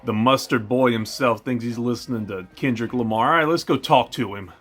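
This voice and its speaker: A man's voice: mid-range voice, fairly quick, a bit bright, faint music behind. A young man hosting a let's play, joking and trash-talking over the gameplay. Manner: jokey, trash-talking, puts on silly voices.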